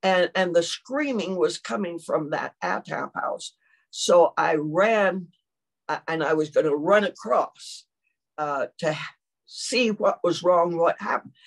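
A woman's voice: on the low side, takes it slowly, vocal fry. An older woman, preaching a sermon and telling a personal story with lots of acted-out quotes.

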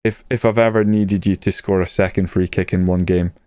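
A man's voice: low voice, a little fast, clear, resonant tone, dry recording. A young man, casually commenting on his own football management game and getting worked up over goals. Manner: excitable, swears when a goal goes in. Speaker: gaming YouTuber.

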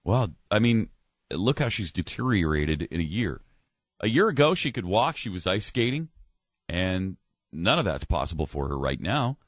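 A man's voice: low-pitched, very animated, normal speed, dry recording, studio quality. A man co-hosting a radio talk show, chiming in with short remarks and questions. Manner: brief interjections and questions. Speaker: radio co-host.

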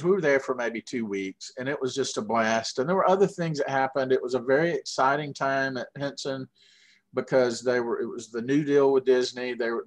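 A middle-aged man from Georgia with a Southern accent, telling long, animated anecdotes full of fillers in a casual interview. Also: medium pitch. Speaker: guest puppeteer.

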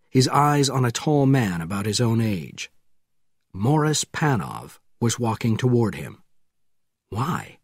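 A man narrating a thriller audiobook in a measured, deliberate way. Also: medium pitch, a little mellow, husky, no room sound, studio quality. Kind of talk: scripted narration.

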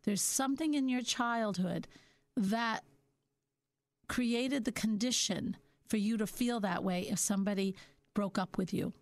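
A middle-aged woman hosting a reflective self-help talk, musing gently and slowing down on her key points. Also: medium pitch, no echo. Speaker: podcast host.

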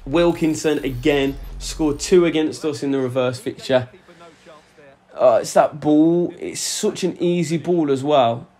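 A young man giving excitable, sweary commentary over a football video game, shouting at his players. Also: a little high, measured pace. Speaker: gaming YouTuber. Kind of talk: live gameplay commentary. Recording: faint music under voice.

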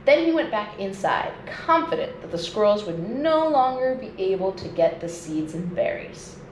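A woman nature educator reading a children's storybook aloud at home, in a slow and expressive read-aloud manner. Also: mid-range voice. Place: indoors at home. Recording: echoey room with faint noise.

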